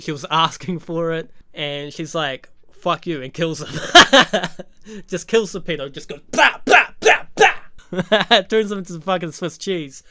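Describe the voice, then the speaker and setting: A man's voice: a little high, bright, forceful tone, smooth, no room sound. A man giving a casual, profane recap of a movie, full of sarcastic jokes and laughing asides. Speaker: YouTube movie commentator.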